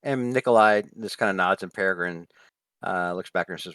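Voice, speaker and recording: A low-voiced man narrates a tabletop role-play as game master, stopping often to search for words. The sound is dry and close. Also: a little fast, a bit bright, dry recording. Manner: hesitant narration full of uhs.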